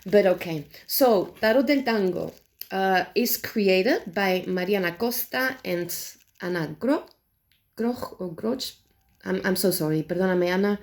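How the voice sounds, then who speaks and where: A woman reviewing tarot decks in casual chat, animated and exasperated, swearing freely and talking with many fillers and restarts. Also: mid-range voice, measured pace.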